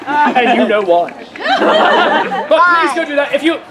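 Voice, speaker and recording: A woman street performer playing Will Shakespeare, telling a comic story with audience participation, energetic and often shouting and laughing. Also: high-pitched, takes it slowly. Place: outdoor fairground stage. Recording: noisy outdoor crowd recording. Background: loud crowd and outdoor noise.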